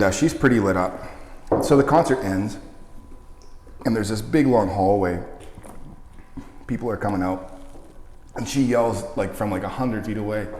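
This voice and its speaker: Eating hot wings, a male guest with a fairly low voice laughs and curses through a meandering anecdote. Background noise is audible, and the echoey room gives long reverb.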